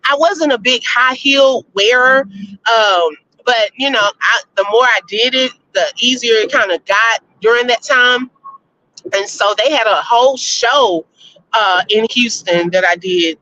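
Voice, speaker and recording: A woman hosting a casual live-stream chat, reading viewer votes and telling stories, animated and laughing often. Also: fairly high pitch, measured pace. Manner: chatty, animated, laughs often, addresses listeners as y'all. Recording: slightly muffled lo-fi audio.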